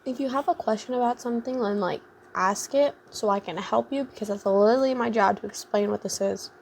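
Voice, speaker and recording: A woman's voice: a little high, fairly quick, vocal fry, a little mellow, slight background noise. A young adult woman vlogger telling a casual storytime, rambling and full of fillers like "like" and "um".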